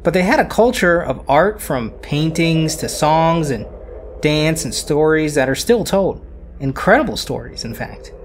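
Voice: medium pitch, lively intonation, a little slow, slight background noise. A podcast host narrating history casually, often repeating words and making self-deprecating asides.

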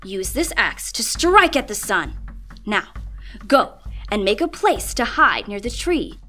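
Stern old blind grandmother voiced by a woman, commanding, raised voice, higher pitch. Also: big pitch swings, a little slow, sharp tone, faint music behind, heavily acted. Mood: instructive. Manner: commanding, demanding questions.

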